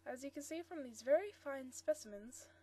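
Woman reading as a mellow old shopkeeper. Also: high voice, animated, moderate pace. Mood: explaining. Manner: mellow, friendly, diffident. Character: mellow elderly male shop proprietor, courteous.

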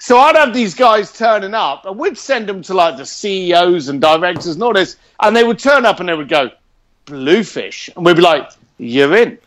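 Interview guest: man with a high voice, blunt, animated storyteller, swears. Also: normal speed. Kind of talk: casual storytelling.

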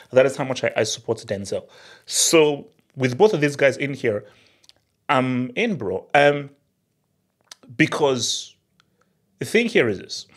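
An excitable young man talks casually to his viewers, using slang and repeating himself when he gets worked up. His voice is husky, at an ordinary middle pitch, and he laughs often as he talks. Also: slow, pauses often. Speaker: movie vlogger. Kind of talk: casual chat to camera.

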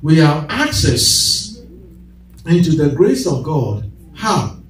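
Man preaching in church, kinda high voice, calls out to the crowd, laughs a lot, big echo, mic far off. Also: big pitch swings, takes it slowly. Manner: call-and-response preaching, bursts of laughter. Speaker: pastor. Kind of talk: sermon. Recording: echoey church hall, distant mic.

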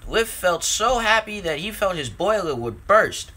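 A man narrating a storybook tale and dropping his voice low for the speech tags. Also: big pitch swings, measured pace, pushed and bright.

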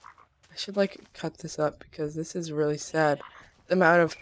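A woman giving casual gameplay commentary as a let's play gamer, chatty and quick to burst into startled exclamations. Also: deep voice, fairly even intonation, noisy background.

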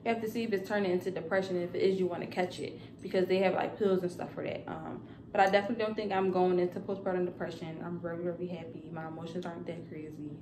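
A woman's voice: fairly low pitch, steady tone, fast talker, few pauses, background noise. Chatty young woman in a roomy space. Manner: chatty and rambling, with many fillers. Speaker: vlogger and new mother. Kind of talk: casual chat to camera.

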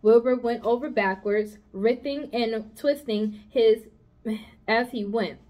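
An American school psychologist reads a children's novel aloud with expression, making small slips and restarts. Her fairly high voice is mellow and slow.

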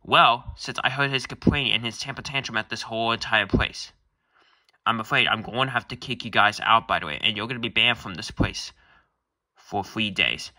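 A man voicing a stern security guard in a fan cartoon who scolds in a bossy, formal tone. His voice is bright and sharp-edged. He talks in plain, everyday speech. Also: fairly low pitch, moderate pace, no room sound. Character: stern adult male mall security guard. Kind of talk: amateur fan animation voice-over.

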